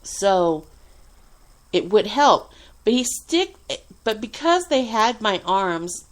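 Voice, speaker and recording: Profane, animated woman telling a story. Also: mid-range voice. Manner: animated, profane, frequent laughs and fillers. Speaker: radio show host telling a personal story. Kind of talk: casual storytelling monologue.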